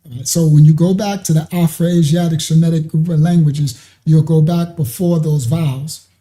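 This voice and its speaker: In a warm, slightly high voice with fairly even intonation and a moderate pace, a man rambles through a religious teaching online. "You understand?" is a question he returns to again and again.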